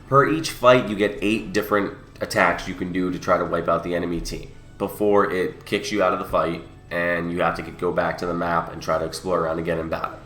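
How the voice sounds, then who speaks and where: Deep-voiced and sharp in tone, this young man records in a reverberant space. He's a gaming channel host with a cold, sniffly and a bit under the weather, casually walking viewers through a mobile game in an explanatory way while correcting himself.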